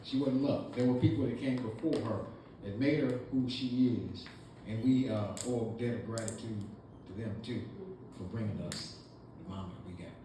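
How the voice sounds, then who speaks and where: A man's voice: lowish voice, warm tone. Man, hesitant family speech, distant mic, echoey hall. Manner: halting, full of "uh" fillers. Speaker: son giving a birthday tribute. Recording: echoey room, mic far off, noisy.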